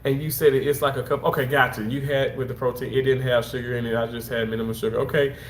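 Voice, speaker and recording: A man's voice: medium pitch, level tone, fast, few pauses. Guy rambling on his livestream, kinda under the weather, echoey room w faint hum behind. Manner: rambling, repetitive, talks straight to viewers. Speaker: livestream host. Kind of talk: casual livestream chat.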